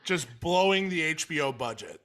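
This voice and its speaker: A young man with a bright, forceful voice set a little high, joking around and steering a podcast chat. His talk is loose and casual. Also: big pitch swings, normal speed. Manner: loose, jokey, steers the topics. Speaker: podcast co-host.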